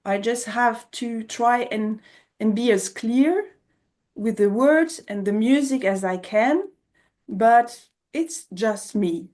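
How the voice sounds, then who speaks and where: French-accented woman, fairly high voice. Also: slow, a little mellow. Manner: thoughtful, laughs easily, frequent restarts. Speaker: guest coach. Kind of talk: conversational interview.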